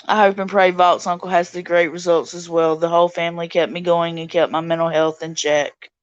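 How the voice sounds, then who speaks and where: A woman hosting a casual livestream chat, reading out viewer comments and answering them warmly. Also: lowish voice, flat delivery, brisk, smooth, dry recording, muffled recording. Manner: warm, reads out viewer comments and greets chatters. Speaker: livestream host.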